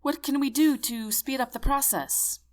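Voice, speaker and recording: A woman voicing a stern male army general who gives clipped, loud orders, in a storybook reading. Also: high voice, moderate pace, pitched above the performer's own voice, lightly acted.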